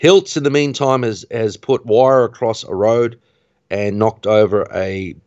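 Low-voiced man retelling a film. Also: unhurried, no echo. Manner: animated retelling, voice rising at tense moments. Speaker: podcast host. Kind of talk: casual film recap. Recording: dull, dry lo-fi recording.

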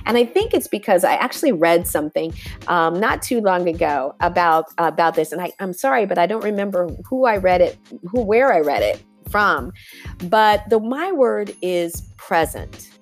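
A woman hosting a podcast, giving an emphatic motivational monologue and calling her listeners y'all. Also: mid-range voice. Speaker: podcast host.

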